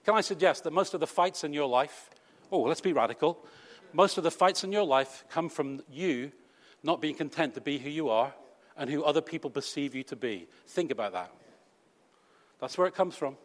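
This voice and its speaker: A man's voice: a little high, lively intonation, normal speed. A British man preaching a sermon to his congregation in a conversational, teasing way, full of rhetorical questions. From Britain. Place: church hall. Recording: long reverb of a church hall.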